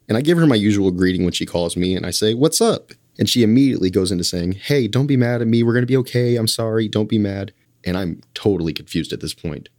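A man's voice: low voice, a little mellow, no room sound, studio quality. A young man, a podcast guest, telling a story in a casual, wry, conversational way.

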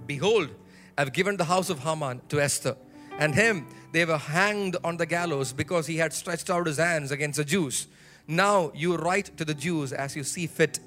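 A pastor preaching from the pulpit with a high voice. He leads his congregation in call-and-response and repeats key phrases with rising emphasis. Soft music plays faintly underneath him. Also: moderate pace. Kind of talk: sermon. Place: church sanctuary.

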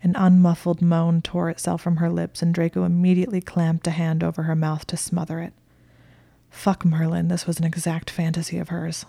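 A woman reading fan fiction aloud in a soft, often whispered way. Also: on the low side, completely flat delivery, moderate pace, creaky, no room sound.

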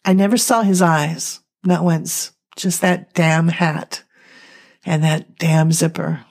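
A young woman reads a dramatic first-person story aloud. Her delivery is slow, emotional and halting, with a slightly low pitch. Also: fairly even intonation, creaky, darkish tone. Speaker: narrator.

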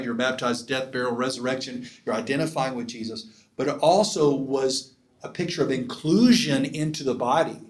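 A man teaching at a conference like a pastor, emphatic and often asking the audience for agreement. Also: on the high side. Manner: emphatic, asks the crowd for assent. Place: conference hall. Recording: echoey hall.

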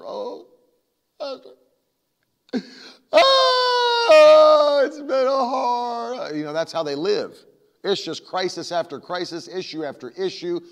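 A man preaching a sermon as a pastor, emphatic and repetitive, with a conversational manner and long reverb. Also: a little high.

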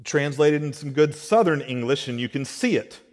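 A man preaching a sermon as pastor, moving between quiet explanation and emphatic, rising declarations. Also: on the high side, normal speed. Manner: animated preaching, swings between soft and emphatic. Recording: reverberant hall.

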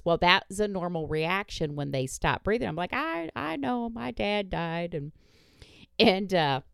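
A woman podcast host tells a story in casual chat, blunt and quick to swear. Her voice sits low but swings widely in pitch. The sound is dry and close, with no room behind it. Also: fairly bright tone, clear, resonant tone, no room sound. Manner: blunt, swears freely, laughs through the story.

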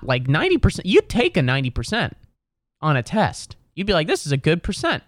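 A man's voice: on the high side, wildly swooping pitch, a little fast, no echo, studio quality. Rambling young man musing to camera. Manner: meandering, self-correcting, wry. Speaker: solo vlogger. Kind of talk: rambling comedic monologue. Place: sitting in a chair at home.

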